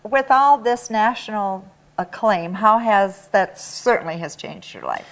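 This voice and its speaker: A woman's voice: mid-range voice, big pitch swings, measured pace, low-quality recording. A woman co-hosting a casual local TV interview, reacting enthusiastically with short remarks. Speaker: talk show co-host.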